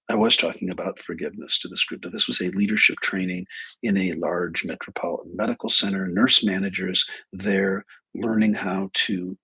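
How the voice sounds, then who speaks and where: Male trainer, low husky rasp, relaxed flippant storyteller. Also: rough recording. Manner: flippant and irreverent. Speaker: speaker and trainer. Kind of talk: casual live talk with storytelling.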